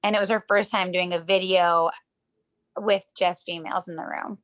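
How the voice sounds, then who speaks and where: A woman's voice: lowish voice, steady tone, moderate pace, a bit bright. A woman who works as a professional dancer, talking casually as an interview guest over a video call. She rambles through her stories, fills them with "like", and acts out what people said. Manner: rambling storytelling, heavy use of "like", acts out quotes.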